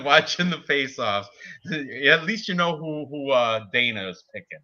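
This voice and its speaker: A man co-hosting a casual sports betting chat, talking excitably and laughing at his own jokes. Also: mid-range voice, moderate pace, lo-fi sound. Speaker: podcast co-host.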